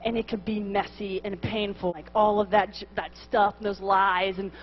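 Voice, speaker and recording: A woman voicing a gentle, calm middle-aged male priest, speaking softly and slowly. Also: mid-range voice, a little hiss or hum, pitched below the performer's own voice, natural voice. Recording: dull lo-fi live recording.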